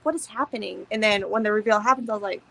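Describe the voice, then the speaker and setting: A woman's voice: mid-range voice, fast, vocal fry, fairly bright tone, rough recording. A young woman co-hosting a podcast, chatting casually about a movie, swearing freely and acting out scenes. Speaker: podcast co-host.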